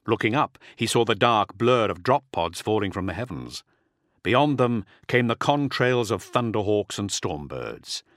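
A man narrating an audiobook with a dramatic, expressive reading. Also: on the low side, measured pace, no room sound, studio quality. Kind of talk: scripted narration.

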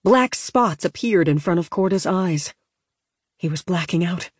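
A woman reading a storybook aloud in a steady, measured narration. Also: on the low side, husky, no room sound, studio quality. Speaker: audiobook narrator.

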